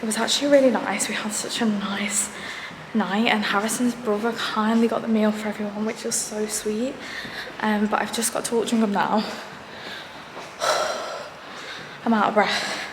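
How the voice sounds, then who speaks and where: A young woman talks casually into her phone, rambling from one frank aside to the next. Her voice has a roomy ring to it. Clear background noise runs beneath her voice. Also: mid-range voice, little pitch movement, normal speed. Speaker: lifestyle vlogger. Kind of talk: casual vlog chat to camera.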